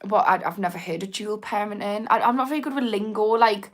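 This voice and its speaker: On a livestream, a young woman with a Geordie accent, from Newcastle, England, chats casually, laughing, rambling and reading out comments from viewers. Her voice is mid-range and a little fast.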